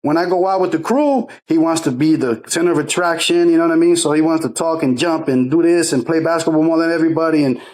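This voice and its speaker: A middle-aged man co-hosting a podcast, telling lively, slangy stories and acting out quotes in casual chat. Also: a little high, fast talker, hardly any pauses. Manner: animated storyteller, slangy, acts out quotes. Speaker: podcast co-host.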